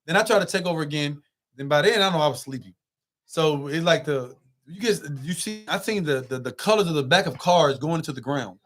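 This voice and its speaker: Fast-talking young man, high voice. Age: young adult. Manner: animated, swearing, quick rambling with loud swings. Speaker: guest. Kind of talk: casual storytelling.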